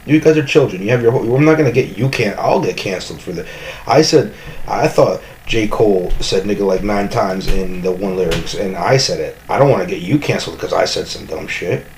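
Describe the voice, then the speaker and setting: A man's voice: fairly low pitch, animated, fairly quick, a little mellow, a little hiss or hum, rough recording. A man hosting a comedy podcast from his home kitchen, rambling with joking bravado and constant self-corrections. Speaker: podcast host.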